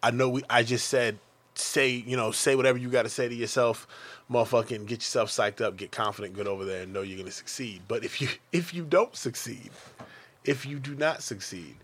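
A man in his thirties holds forth on a podcast with blunt, profane bluntness. He jumps into mocking put-on voices to act out what others say. His voice sits at a middling pitch. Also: brisk, fairly bright tone. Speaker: podcast co-host. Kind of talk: crude casual banter.

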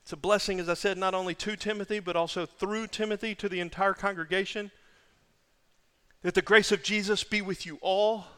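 A male pastor preaching with emphasis, his voice high and bright, leaning hard on repeated phrases. His words ring out with a long hall reverb behind them. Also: fairly even intonation, fairly quick, smooth. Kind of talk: sermon.

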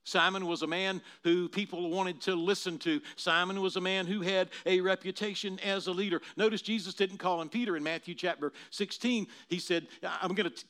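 A man preaching a sermon, swinging from quiet explaining to loud dramatic bursts as he acts out quoted voices. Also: high-pitched, normal speed, few pauses. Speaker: pastor.

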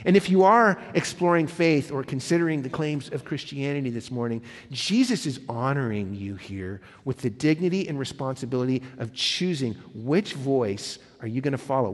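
A man preaching a sermon as a pastor, impassioned, swinging between loud emphatic lines and hushed ones. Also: medium pitch. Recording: long hall reverb.

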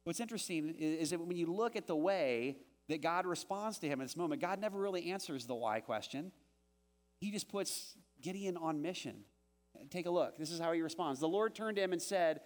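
A man with a high voice preaching a sermon to his congregation. He is animated and slips into the anxious voices of the people he quotes before returning to his own teaching tone. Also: a little fast. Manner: animated, acts out quoted voices with rising pitch. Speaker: pastor.

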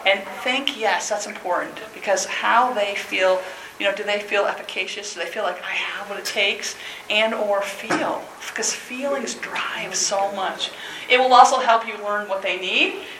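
Woman, teacher trainer, energetic workshop talk, reverberant room, background hiss. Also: medium pitch, unhurried. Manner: energetic, chatty, laughs often. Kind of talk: workshop presentation. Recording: echoey room with noise.

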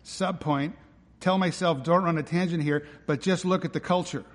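A man's voice: on the high side, steady tone, moderate pace, big-room sound. A man preaching a sermon as pastor, emphatic and driving, often posing rhetorical questions.

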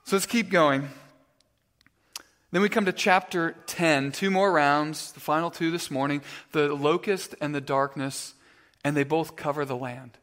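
Stammering, chatty pastor in a reverberant hall. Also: male voice, a little high, a little slow. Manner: conversational, stammering restarts, animated storytelling. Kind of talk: sermon. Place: church sanctuary.

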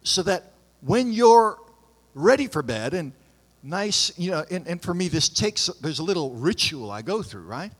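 A man, a pastor, reading scripture aloud and breaking off for relaxed, conversational asides in his sermon. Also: high-pitched, breathy edge. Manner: conversational, pauses for informal asides. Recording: long hall reverb.

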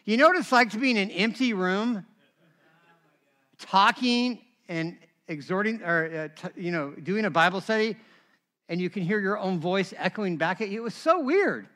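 A middle-aged man preaching a sermon as a pastor, telling stories in an animated way with touches of humor. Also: high voice, moderate pace.

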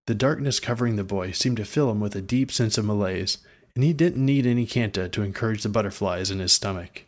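A man narrating a fantasy audio story with a somewhat low voice. He reads in a dry, wry manner, steady and measured.

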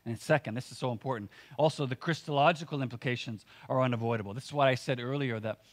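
A man's voice: mid-range voice, fast. Earnest man preaching a conversational sermon. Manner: earnest, conversational, with filler words and restarts. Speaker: pastor.

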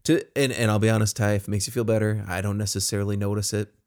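Man, lowish voice, earnest podcast co-host who tells warm stories and laughs often. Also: flat delivery, quick pace. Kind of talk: casual podcast chat.

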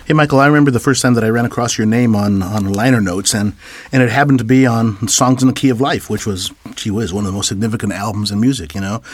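A man's voice: on the low side, fast. A man hosting a radio interview, laughing along and asking long winding questions. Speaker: radio host.

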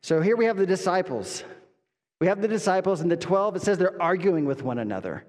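A man's voice: high voice, expressive, brisk, darkish tone. A man preaching an expository sermon as pastor, earnest and emphatic, repeating lines and asking rhetorical questions. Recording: long reverb of a hall.

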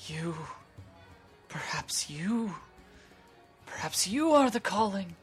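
A woman gives voice to an old, weathered dwarf man in a tabletop game, earnest and a little pleading. He is uneasy around children and hungry for a sign from above. The voice sits low and unhurried, with faint music behind.

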